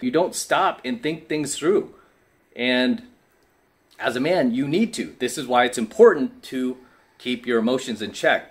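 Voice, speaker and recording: A tired man giving an assertive, preachy coaching monologue to camera, often asking "right?". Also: mid-range voice. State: tired from lack of sleep. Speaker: self-help coach.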